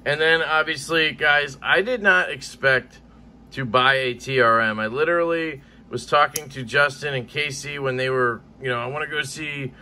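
A man's voice: mid-range voice, moderate pace, pushed and bright. A man vlogging in a casual, rambling way, swearing offhandedly as he chats. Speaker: knife collecting vlogger. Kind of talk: casual chat.

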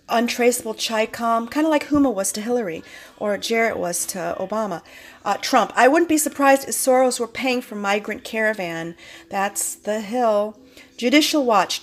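A woman, a cartoonist, rambling and halting as she casually explains her own political cartoons to viewers. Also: on the high side.

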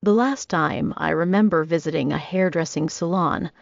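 A woman in her twenties narrating a first-person audiobook with steady, even storytelling. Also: deep voice, moderate pace, gravelly, no room sound. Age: 20s. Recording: dry, slightly dull audio.

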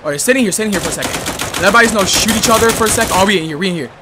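A man doing excitable, slangy gameplay commentary, muttering one moment and yelling the next. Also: sits high, rapid-fire, noisy background. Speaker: gaming YouTuber. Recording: gunfire from the game behind.

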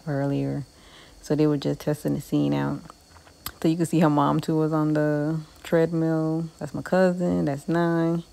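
A woman's voice: low voice, creaky, mellow. A young woman narrating her vlog in a chatty, laid-back way. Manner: chatty, laid-back, keeps saying "y'all". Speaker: vlogger. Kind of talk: casual voice-over narration.

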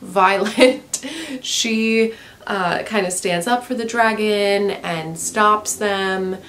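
A woman's voice: mid-range voice, very slow, fairly bright tone. A woman vlogger giving a casual, profane book review rant, using "like" constantly. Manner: frank and profane, heavy use of "like".

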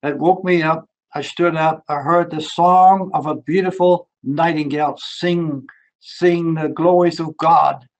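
A man's voice: fairly high pitch, steady tone, measured pace, rough recording. Older German-accented man preaching testimony. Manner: rising to fervent, emphatic preaching. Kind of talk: sermon testimony.

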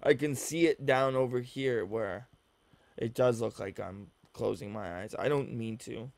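A man's voice: medium pitch, a little slow, vocal fry, a little mellow, dry recording. A man giving teasing, profane reaction commentary while watching a video. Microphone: desk mic, looking at a screen.

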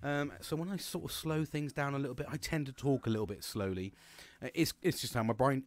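A British man hosting his own show in a rambling, chatty monologue, swearing freely and filling pauses with ums and restarts. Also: medium pitch. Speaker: podcast host. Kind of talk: casual chat monologue.

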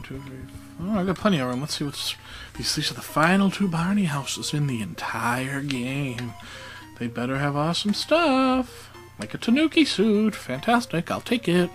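A man's voice: fairly high pitch, low-quality recording. A man giving casual, joking commentary while playing a video game, with self-mocking asides. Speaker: let's play commentator.

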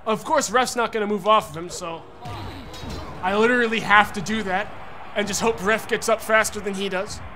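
A young man streaming a wrestling game, frustrated and profane, yelling at the referee between muttered plans. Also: sits high, steady tone, moderate pace, soft background music. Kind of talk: gaming commentary.

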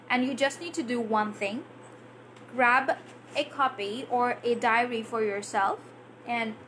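A woman English teacher with a high-sitting, fairly bright voice answers viewer questions during a live lesson, with slight background noise. She's chatty, reading out comments and replying to them, and she demonstrates pronunciation by exaggerating words.

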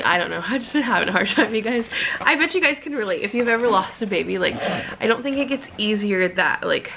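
A young woman with a fairly high, creaky voice vlogs an unboxing at normal speed against a noisy background. She gushes excitedly, peppering her talk with "like" and "you guys," and is emotional, nearly crying at times.

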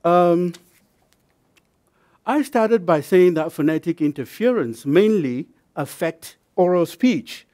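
A man's voice: high-pitched, lively intonation, slow, mellow. A man giving a university lecture, careful and explanatory, with many fillers and repeated words.

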